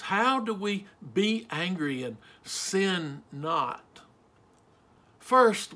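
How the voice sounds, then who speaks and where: A middle-aged man delivers a sermon in a notably high voice. He speaks slowly and with emphasis, leaning on rhetorical questions to draw his listeners in. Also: gravelly, a bit bright. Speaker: pastor.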